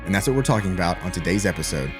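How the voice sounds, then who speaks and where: A man's voice: sits low, animated, rapid-fire, over music. A man hosting a relationship podcast, introducing his guest casually with frequent filler sounds. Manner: casual, many filler uhs. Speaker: podcast host.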